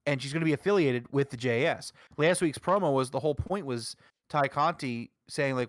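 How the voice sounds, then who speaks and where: Casting note: a man co-host, mid-pitched, insistent and argumentative, a dry close voice. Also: fairly quick, dry recording. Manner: emphatic, argumentative, heavy use of "like". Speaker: podcast co-host. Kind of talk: casual wrestling review chat.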